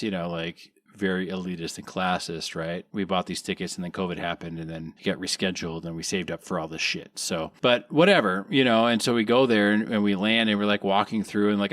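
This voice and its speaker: A man's voice: low voice, steady tone, brisk, hardly any pauses, a bit bright, no room sound. A man from Wisconsin co-hosting a podcast, rambling in casual chat, swearing freely and giving blunt opinions. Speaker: podcast co-host.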